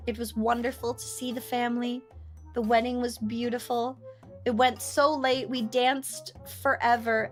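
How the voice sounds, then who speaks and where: A young woman streamer chatting casually, telling family stories with playful, loud acted-out quotes. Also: on the high side. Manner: chatty storytelling, playful, acts out quotes loudly. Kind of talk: casual chat.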